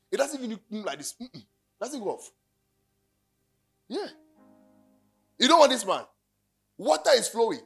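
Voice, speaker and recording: Ghanaian preacher, high and husky, animated storytelling sermon, faint music behind. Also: male voice. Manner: storytelling, animated, joking, sudden loud bursts. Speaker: pastor.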